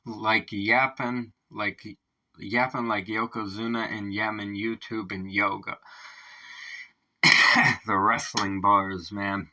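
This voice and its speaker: A man's voice: fairly low pitch, little pitch movement, slow pace, pushed and bright, rough recording. A man hosting a reaction video in casual commentary, swearing, laughing often and marveling aloud at the lyrics.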